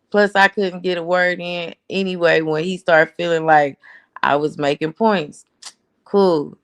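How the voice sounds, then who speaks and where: A woman's voice: on the low side, measured pace, smooth. Blunt, profane woman ranting casually. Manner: blunt, profane, animated storytelling. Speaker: host. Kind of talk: casual storytelling rant.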